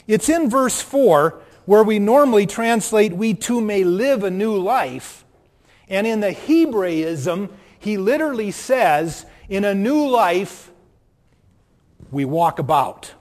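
A man's voice: high voice, expressive, slow pace, darkish tone, big-room sound. A man with a Minnesota accent preaching a sermon as pastor, earnest and building to strong emphasis. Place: church.

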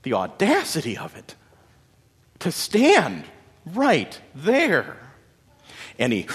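A man narrating a story in a dramatic, expressive way with folksy asides. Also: mid-range voice, slow pace, long pauses, slightly rough. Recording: long hall reverb.

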